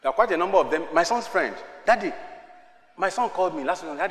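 Older male pastor, high voice, preaching in a big reverberant hall; hushed one moment, shouting the next. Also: expressive, brisk. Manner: swings between hushed asides and shouted exhortations. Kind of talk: sermon. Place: large church hall. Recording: echoey reverberant church hall.

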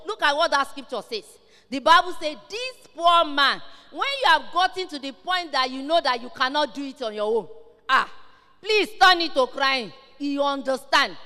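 A woman preaches with fervent, emphatic conviction, her voice high and bright. Her words ring out with a long reverb trailing behind them, as if she stands in a large church hall. She presses each point home with rising intensity. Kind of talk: sermon.

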